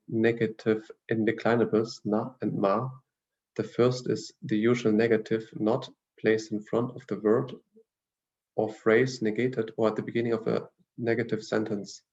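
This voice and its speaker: A man teaching a language class, reading through grammar notes in a measured, explanatory way with frequent fillers and restarts. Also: fairly low pitch, creaky, a little mellow, highs cut off.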